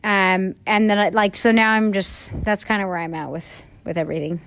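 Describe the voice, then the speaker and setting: A woman's voice: mid-range voice, moderate pace, fairly bright tone, clean tone. A woman in her thirties, a salon owner talking candidly in a casual podcast chat, rambling with lots of fillers and the odd swear word.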